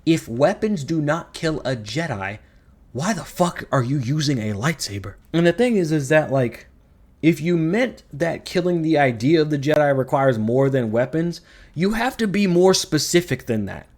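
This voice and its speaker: A man's voice: on the high side, lively intonation, normal speed. A man giving a ranting video review, sarcastic, profane and exasperated. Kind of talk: ranting commentary.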